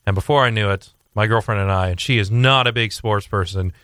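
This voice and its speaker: A young man talking sports on a radio show, rambling with fillers and restarts as he tells a story with growing excitement. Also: fairly low pitch, brisk, clean tone, dry recording, clean studio sound. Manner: animated storytelling. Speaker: sports commentator guest. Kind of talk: casual radio sports chat.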